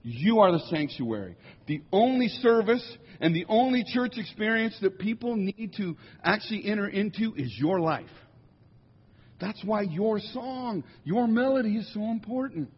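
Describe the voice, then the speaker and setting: A man, a musician, telling humorous stories to a congregation in an animated, jokey way, slipping into quick impressions. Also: sits high, breathy edge. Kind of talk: humorous storytelling talk. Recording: dull lo-fi sound in a large reverberant hall.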